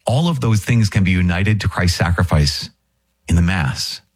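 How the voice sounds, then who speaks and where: Man, priest, deep husky voice, dry sound, earnest podcast reflection. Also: expressive, normal speed, no echo. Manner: earnest, exclamatory, plain-spoken. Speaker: Catholic priest.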